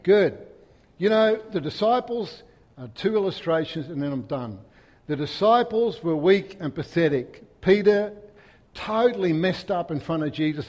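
A man preaching a sermon in a church, swinging from loud, emphatic peaks to soft, hushed stretches. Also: fairly high pitch, normal speed, big-room sound. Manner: impassioned, rising to loud emphatic peaks then dropping soft. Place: church hall.

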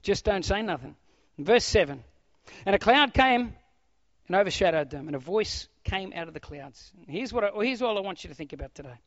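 A middle-aged man preaching a sermon, swinging from loud exclamations to hushed, almost whispered lines. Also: high-pitched, animated, brisk, no echo. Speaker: pastor. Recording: dull, dry lo-fi sound.

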